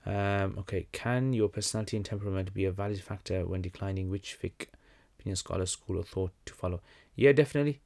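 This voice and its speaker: A young man hosting a casual livestream Q&A, talking in a relaxed, conversational way with many fillers and restarts. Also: deep voice, quick pace, gravelly, few pauses. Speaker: livestream host answering questions.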